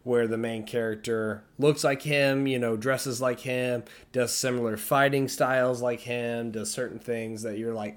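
A man's voice: medium pitch, steady tone, a little slow, hardly any pauses. A man co-hosting a podcast, talking casually with a rambling, enthusiastic delivery full of fillers. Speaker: podcast co-host. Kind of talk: casual chat.

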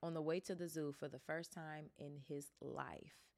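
A woman's voice: low voice, steady tone, normal speed, gravelly, a little mellow. A woman hosting a podcast, reading a book aloud casually and breaking off to chat about it. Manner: chatty, breaks off to react. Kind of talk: casual read-aloud with asides.

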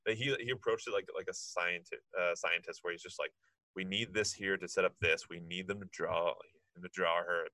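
Quick, bright-voiced man joking around. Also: sits low, no echo, rough recording. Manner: quick, joking, animated storytelling. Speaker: podcast co-host. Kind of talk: casual chat.

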